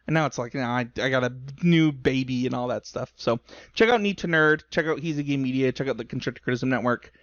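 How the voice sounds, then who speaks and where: A man's voice: medium pitch, fast talker, no echo, highs cut off. A man co-hosting a podcast in casual chat, rambling and self-deprecating, talking openly about his feelings. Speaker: podcast co-host. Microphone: remote call recording.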